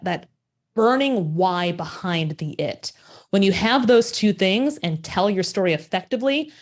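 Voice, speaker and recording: A woman in her forties from Minnesota, telling her story as a podcast guest with lively rhetorical questions. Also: lowish voice. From Minnesota, USA. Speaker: podcast guest, agency founder. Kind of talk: casual interview storytelling.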